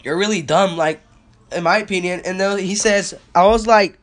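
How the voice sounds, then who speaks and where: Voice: medium pitch, normal speed. A young podcast host rants in a loose, rambling way, swearing freely and getting worked up while retelling stories. The voice is recorded on a phone with no proper microphone. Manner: excitable, profane, storytelling with quotes. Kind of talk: rambling casual rant. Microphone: phone without a mic.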